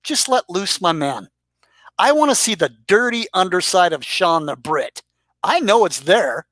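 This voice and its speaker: Unhurried and fairly bright, his medium-pitched voice swinging widely, this YouTube commentator crudely teases the regulars of a live-stream chat. The recording has no echo, and his roast rambles along with frequent restarts.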